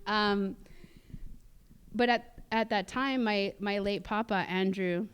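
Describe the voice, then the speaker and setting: Speaking slowly in a mid-range voice, this guest speaker keeps a steady tone that is clear and resonant. She is a Canadian woman from the Musqueam community, recounting personal stories at a cultural sharing on a theatre stage, casual and chatty with many fillers, restarts and laughs.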